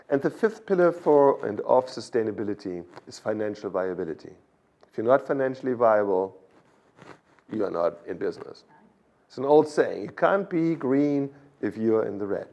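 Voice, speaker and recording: A man's voice: medium pitch, darkish tone, dull audio. A man with a German accent, a guest expert explaining a topic in a podcast interview, in a lecturing way that keeps checking in with "okay?". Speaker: animal science expert guest.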